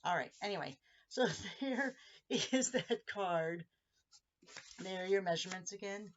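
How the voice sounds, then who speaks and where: A woman's voice: medium pitch, animated, measured pace, highs cut off. A woman hosting a casual crafting tutorial, chatting as she walks viewers through each step of a handmade card.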